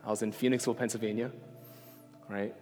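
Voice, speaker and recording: A man's voice: fairly low pitch, level tone, fast. A man giving a sermon, telling a personal story in a casual, conversational way and often checking in with "right?". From New York. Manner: conversational, self-deprecating storytelling with frequent "right?". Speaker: preacher. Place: church hall. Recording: reverberant hall with soft music.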